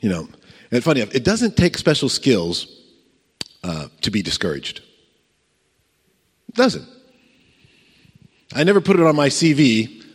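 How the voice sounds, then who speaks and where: A man preaching a sermon, telling a story with lively acted-out voices and chuckles and putting questions to the congregation. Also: mid-range voice, a little slow, long pauses, husky. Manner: animated storytelling, acts out voices, chuckles, asks the crowd questions. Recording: long reverb of a large hall.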